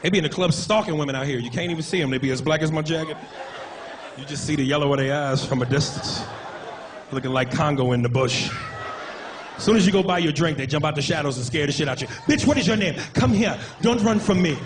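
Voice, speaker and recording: A man's voice: on the high side, fast. A man performing a stand-up comedy set in a club, with a profane, punchy, swaggering delivery. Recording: noisy live club recording.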